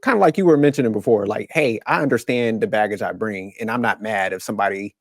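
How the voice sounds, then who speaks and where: A man's voice: on the low side, fast talker, no echo, clean studio sound. A man co-hosting a reaction podcast, talking loosely and conversationally with lots of fillers. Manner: loose and conversational, many fillers like "you know". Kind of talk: casual commentary chat.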